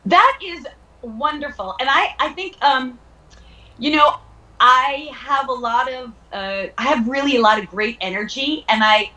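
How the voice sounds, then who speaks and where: A woman from Long Island chats as a guest on an interview show, bubbly and playful, often breaking into laughs. Her voice sits fairly high, and the room around her rings with echo. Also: unhurried, pushed and bright. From Long Island, New York. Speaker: guest actress. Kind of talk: casual interview chat.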